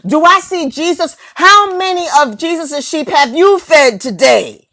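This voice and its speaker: A woman's voice: high voice, expressive, unhurried, a bit bright. A woman delivering a confrontational, preachy rant to camera, mocking her targets and firing off rhetorical questions and repeated lines.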